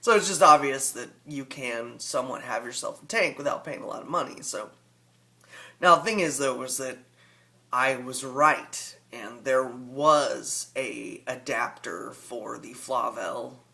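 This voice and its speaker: A man's voice: mid-range voice, unhurried, vocal fry, sharp tone. Chatty man with a rural Southern drawl. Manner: rambling, chatty, folksy. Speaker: aquarium hobbyist vlogger. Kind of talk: casual vlog talk.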